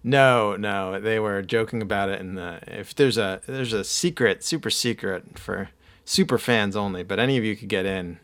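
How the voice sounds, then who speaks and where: A man's voice: fairly low pitch, moderate pace, a bit bright. Rambling casual podcast host, man. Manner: rambling, self-deprecating. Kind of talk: casual chat.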